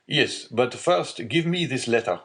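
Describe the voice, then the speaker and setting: A man's voice: medium pitch, lively intonation, a little slow, fairly bright tone, pitched above the performer's own voice. A man voicing a stern male magistrate who hides his panic in a read-aloud storybook, with a curt, commanding delivery.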